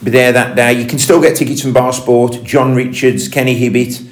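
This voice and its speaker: A man hosting a podcast interview, affirming his guest often and telling quick anecdotes. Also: medium pitch, level tone. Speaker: podcast host. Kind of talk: conversational interview. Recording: echoey room.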